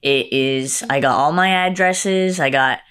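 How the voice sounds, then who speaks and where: A young woman with a low voice, telling a story in a relaxed chat. She acts out other people's lines and swings her pitch up high for them. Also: a little slow, smooth. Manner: animated, acts out quotes with big pitch jumps. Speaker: guest.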